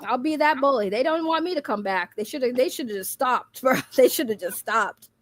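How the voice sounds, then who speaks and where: A woman's voice: sits high, expressive, moderate pace, no echo. A woman streamer calling out her critics in a blunt, profane, mocking rant, laughing between jabs. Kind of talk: casual rant.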